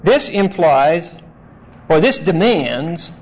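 A man's voice: fairly high pitch, expressive, rough recording. A male pastor teaching through a Bible passage in an emphatic, explanatory sermon. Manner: emphatic, explanatory, deliberate phrasing.

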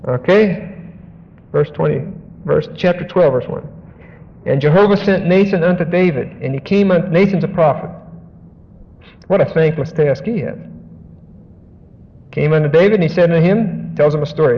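In a big, reverberant hall, a man preaches an expository sermon on the Bible, pausing often at a moderate pace. He is emphatic, lifting his pitch for stressed points and making asides between readings. The recording is dull and lo-fi.

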